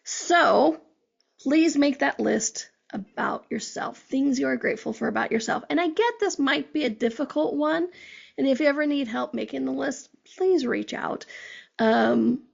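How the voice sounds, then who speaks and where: Very gravelly, husky woman podcaster. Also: sits high, unhurried, dull audio. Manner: chatty, encouraging, frequent "um" and "okay?". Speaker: podcast host. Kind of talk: casual motivational podcast talk.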